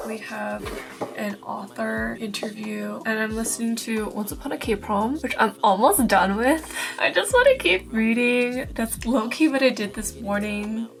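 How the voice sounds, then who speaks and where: A woman's voice: on the high side, vocal fry. A woman in her twenties talking casually and reflectively in a vlog, with many fillers like "like". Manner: soft-spoken, reflective, with frequent fillers like "like". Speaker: vlogger. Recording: faint music underneath.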